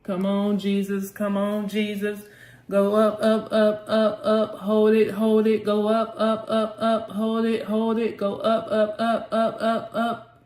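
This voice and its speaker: A woman's voice: mid-range voice, completely flat delivery, takes it slowly, a little mellow, echoey room. A woman hosting a live trading session, urging the chart on aloud and calling on the Lord as she talks. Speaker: trading channel host.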